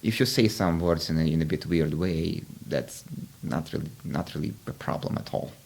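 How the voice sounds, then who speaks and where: A man's voice: rumbling low, moderate pace, creaky, a little mellow. A man hosting a podcast interview, explaining ideas in a reflective, casual way with frequent restarts. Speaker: podcast host.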